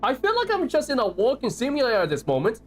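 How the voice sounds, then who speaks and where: A young man with an Australian accent, talking over a live gameplay stream in a high, bouncy voice that swings up and down. He banters with his viewers and reads the game's notes out loud. Faint music plays behind him. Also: huge pitch swings, fast talker. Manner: chatty, playful, reading game notes aloud and chatting to viewers.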